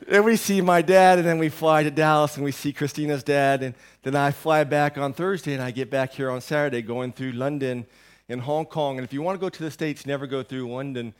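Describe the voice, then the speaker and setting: Man, pastor, sore throat, rambling storyteller, casual sermon, a bit high-pitched. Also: steady tone, fairly quick, smooth. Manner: rambling, self-deprecating storyteller. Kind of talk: conversational sermon. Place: church.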